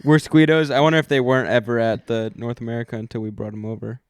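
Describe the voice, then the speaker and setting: A young man in loose, jokey podcast chat, rambling from one idea to the next and restarting his sentences. His voice sits at an ordinary middle pitch. The sound is close and dry, with no room around it. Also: little pitch movement, fast talker, clear, resonant tone, dry recording. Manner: rambling, joking, trails off and restarts. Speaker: podcast co-host. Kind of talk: casual chat.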